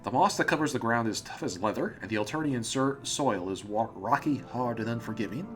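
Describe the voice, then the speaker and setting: A man's voice: medium pitch, animated, fairly quick, a bit bright, faint music behind. Amused man reading a game aloud. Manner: amused, often laughing and stumbling over words. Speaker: let's play host. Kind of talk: reading a visual novel aloud with commentary.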